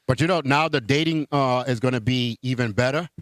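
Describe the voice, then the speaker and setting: A man's voice: medium pitch, brisk, fairly bright tone, no room sound. A man co-hosting a casual show, laid-back and chiming in with short remarks. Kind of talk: casual banter.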